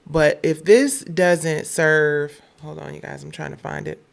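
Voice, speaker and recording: Gravelly-voiced woman hosting blunt news talk. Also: low-pitched, fairly even intonation, measured pace. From Detroit. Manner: blunt, irritated, profane. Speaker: show host. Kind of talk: casual news commentary.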